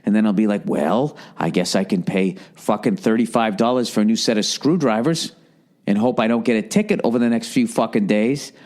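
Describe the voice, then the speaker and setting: A man's voice: fairly low pitch, a little fast, darkish tone. A man with a Boston accent hosting a podcast, ranting sarcastically in a casual comic way and swearing often. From United States. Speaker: podcast host. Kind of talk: casual comedic rant.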